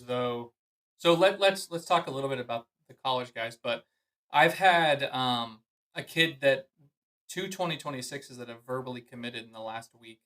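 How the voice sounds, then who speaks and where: A man's voice: mid-range voice, bright, forceful tone, low-quality recording. A man who coaches golf, giving earnest, emphatic advice in a podcast conversation. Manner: earnest, emphatic advice with frequent "I mean" and "you know".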